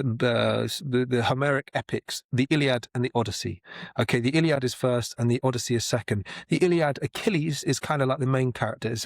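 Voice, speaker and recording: Male explainer, conversational and halting, mid-range pitch, dry close-miked sound. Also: no room sound. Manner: conversational, many restarts and repeated words, chants rhythm aloud. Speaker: Shakespeare explainer. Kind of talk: casual explanatory talk to camera.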